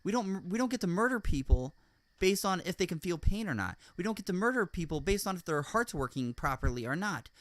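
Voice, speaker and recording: A podcast host talks in a high, sing-song voice at a fairly quick clip, the recording dry. His commentary is casual and emphatic, and he keeps checking in with "all right?"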